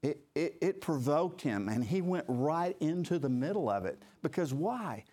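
A man's voice: fairly high pitch, sing-song, normal speed, mellow. A man leading a Bible study group, talking conversationally with many fillers and restarts.

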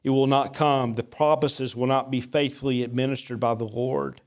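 In this sermon, the pastor's voice stays in a normal middle register as he alternates a laid-back, folksy narrative style with forceful, deliberate readings of scripture. Gentle humor at his own expense runs through it.

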